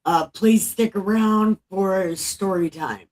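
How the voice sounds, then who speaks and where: A woman's voice: mid-range voice, slow, a little mellow. A woman hosting a chat with her mother, making dry asides. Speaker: host and daughter. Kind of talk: casual chat.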